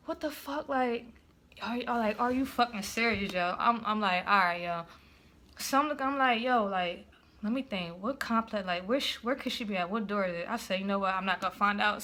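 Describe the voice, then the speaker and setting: A woman's voice: medium pitch, a little fast, a little hiss or hum. A young woman, casually telling a story and acting out her own past lines, with lots of swearing. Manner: animated retelling, acts out own past lines, heavy swearing.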